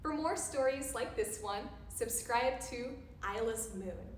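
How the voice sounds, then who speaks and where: Slowly and in a sing-song manner, a woman storyteller reads a rhyming picture book aloud for kids, her tone high and light. Her words echo in the roomy space, with a faint hum in the background.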